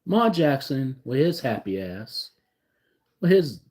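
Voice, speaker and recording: Dude venting about his team, cussing a lot, gets loud then mumbles, mid pitch voice. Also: big pitch swings, unhurried. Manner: profane, swings between loud outbursts and muttering. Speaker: sports fan vlogger. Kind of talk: casual reaction rant.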